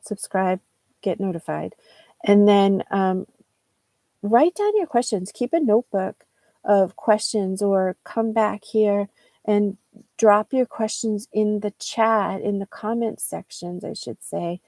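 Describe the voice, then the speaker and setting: A woman's voice: medium pitch, slow pace, warm tone, no room sound. A woman with a New England American accent giving a chatty live-stream English lesson, rambling with many fillers and restarts. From United States. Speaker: English teacher.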